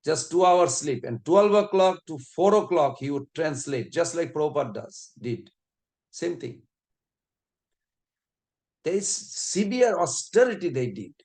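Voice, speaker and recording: Male preacher, fairly high voice, lively storyteller who acts out voices. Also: measured pace. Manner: animated storyteller, acts out quoted voices, frequent fillers. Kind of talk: devotional class storytelling.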